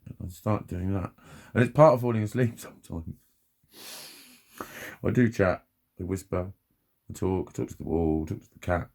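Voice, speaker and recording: A man's voice: low voice, normal speed, gravelly, long pauses, darkish tone. A man in his forties, talking in a rambling personal vlog monologue, sweary and chatty, laughing at himself often. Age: 40s. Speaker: vlogger.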